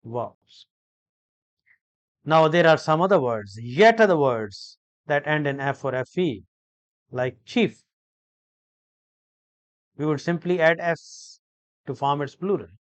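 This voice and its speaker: A man teaching an English grammar lesson, explaining each word slowly and deliberately, with frequent hesitations and repeated phrases. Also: a little high, no room sound. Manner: slow, deliberate, repetitive explanation with many hesitations.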